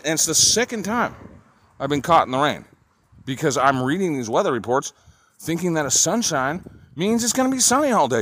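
Fairly high-pitched and a bit bright, this man's voice has a sing-song quality at a normal pace. Vlogging while walking outdoors on city streets, he rambles and then rants angrily, swearing a lot, as faint street noise sits behind him.

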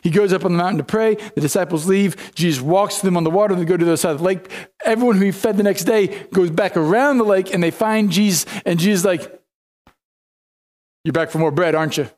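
A man's voice: high-pitched, fast talker, a little mellow. A male pastor preaching a sermon, retelling scripture in casual, everyday storytelling speech.

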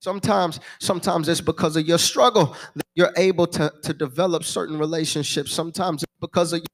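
A man's voice: a little high, steady tone, fairly quick. A male pastor preaching a sermon, repeating phrases and answering imagined questions from the congregation. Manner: repetitive preaching cadence with call-and-response asides.

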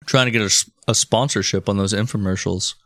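A man co-hosting a podcast, trading crude deadpan jokes. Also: fairly low pitch, brisk, no echo, clean studio sound. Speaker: podcast co-host. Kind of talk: casual comedic banter.

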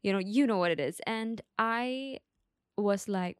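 A young woman hosts her solo podcast, talking in a loose, rambling way full of fillers and asides. Her voice sits at an ordinary middle pitch. It is recorded close and dry, with no room sound. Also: a little slow, smooth, dry recording. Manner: chatty, rambling, lots of "like" and asides. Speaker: podcast host. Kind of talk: casual solo podcast chat.

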